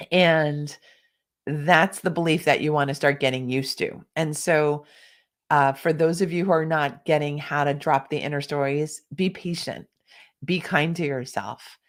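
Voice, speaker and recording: A woman with a low voice coaches participants through an online workshop, speaking encouragingly to the group. She coughs now and then and pauses for sips of tea, and the sound comes through a home computer mic. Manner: encouraging, reads chat comments aloud. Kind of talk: live online workshop talk.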